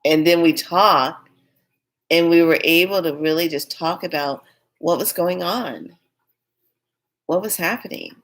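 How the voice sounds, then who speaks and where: Low-pitched woman vlogging, rambly and blunt, telling a personal story. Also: a little slow, pauses often. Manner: candid, rambling, emphatic. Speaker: spiritual vlogger.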